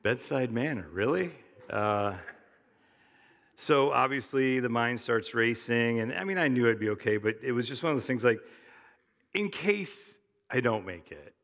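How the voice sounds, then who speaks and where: A man's voice: medium pitch, expressive, normal speed, a bit bright, big-room sound. A middle-aged man preaching a sermon in a conversational, storytelling way. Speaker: pastor. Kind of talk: sermon with anecdotes.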